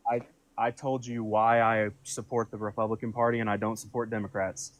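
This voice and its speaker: A man's voice: lowish voice, level tone, fairly quick, slight background noise, low-quality recording. Insistent man arguing in circles. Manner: repetitive, insistent, religious appeals. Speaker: caller debating on a livestream. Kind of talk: heated debate.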